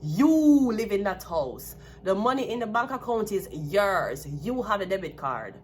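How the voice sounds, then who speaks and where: A woman's voice: mid-range voice, big pitch swings, a little slow, a little hiss or hum. Blunt Jamaican woman ranting over tarot. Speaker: tarot card reader. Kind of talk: solo tarot reading monologue.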